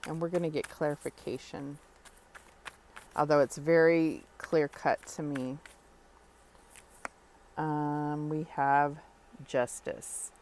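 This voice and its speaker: A woman giving a spoken tarot reading, talking earnestly and reassuringly straight to the listener, with pauses and fillers as she thinks. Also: low-pitched, level tone, a little mellow, a little hiss or hum. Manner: thoughtful with frequent pauses and fillers. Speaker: tarot reader.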